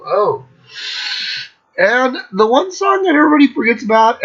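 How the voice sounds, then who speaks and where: Fifties male host, high lively voice, cursing and singing, muffled lo-fi recording. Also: normal speed. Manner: profane, excitable, breaks into singing. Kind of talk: casual monologue ranking albums.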